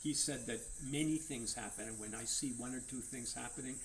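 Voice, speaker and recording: A man's voice: medium pitch, a little fast. An older man with a nasal voice chatting in a blunt, crude, rambling way in a barn on a farm. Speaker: farm owner chatting on stream. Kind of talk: casual chat. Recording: echoey barn, picked up from far off, with noise.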